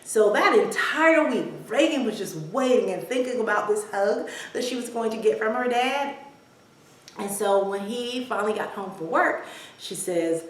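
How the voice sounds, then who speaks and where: A woman's voice: mid-range voice, a little slow. A woman in her forties telling a family story to her vlog audience in a chatty way, with filler words. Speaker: vlogger. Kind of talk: casual storytelling to camera. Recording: very echoey room, distant mic.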